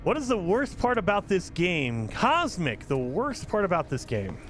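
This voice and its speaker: A man giving casual gameplay commentary as a channel host, talking in an animated, exasperated rant. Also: high-pitched, moderate pace, soft background music.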